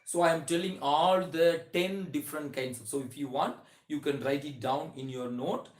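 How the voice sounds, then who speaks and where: A man's voice: on the high side, fairly even intonation. A man teaching a grammar lesson, starting many sentences with "so", restarting phrases and drawing out his example words. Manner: explains slowly with many "so" openers and restarts, stretches example words. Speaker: English teacher. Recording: echoey room.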